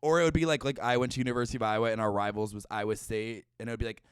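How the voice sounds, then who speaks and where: Sarcastic young man with a smooth voice. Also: medium pitch, fairly even intonation, very fast, dry recording, studio quality. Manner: sarcastic, profane, gossipy. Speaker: podcast host. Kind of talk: casual comedic chat.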